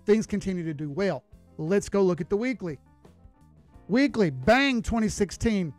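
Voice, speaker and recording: A man's voice: high-pitched, brisk, dark tone, soft background music. A man giving live chart analysis on a stream, talking casually and greeting viewers as he goes. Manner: casual, folksy, chats with viewers while reading charts.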